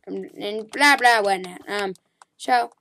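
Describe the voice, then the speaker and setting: A woman giving casual, excitable commentary while playing a game, chattering at the creatures on screen and calling out to them. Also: medium pitch, slow, a little hiss or hum. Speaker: gaming channel host.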